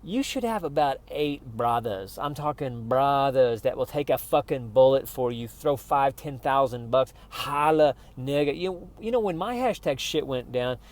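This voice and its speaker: A man's voice: medium pitch, animated, unhurried, hardly any pauses. Profane rambling man ranting. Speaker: vlogger. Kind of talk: casual rant to camera.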